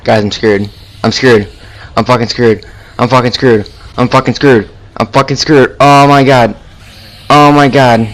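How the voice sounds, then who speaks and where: A man's voice: mid-range voice, steady tone, a little slow. A man giving horror game commentary, jumpy and gasping, swearing and taunting the monster. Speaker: gaming video creator.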